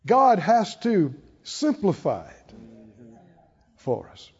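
At a conference, a man preaches a sermon conversationally, laughing often and putting questions to the congregation. His high voice is a little mellow with a breathy edge, and the recording in the church or conference hall sounds dull with hall reverb.

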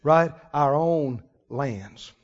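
A man preaching a sermon as pastor, folksy and emphatic, with sudden loud swells and drawn-out words. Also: fairly high pitch, expressive. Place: church sanctuary. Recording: muffled recording in a reverberant church hall.

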